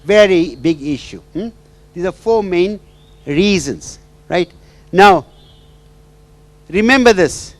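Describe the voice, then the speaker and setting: A man's voice: sits high, expressive, takes it slowly, pauses often, dry recording. A man giving a storytelling talk as a marriage counsellor, who often checks in with the audience by asking "right?" and "hmm?". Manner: checks in with the audience through repeated "right?" and "hmm?", with sing-song asides. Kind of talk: storytelling lecture.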